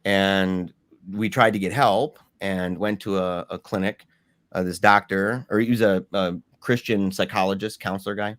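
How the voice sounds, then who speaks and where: A young man telling his personal story in a candid, animated way with slangy asides. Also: low voice, moderate pace, no room sound.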